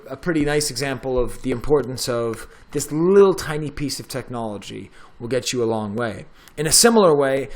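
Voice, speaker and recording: In a screen-captured tech tutorial, a professor in middle age walks viewers through the software click by click. His tone is easygoing and talkative, with a medium-pitched voice.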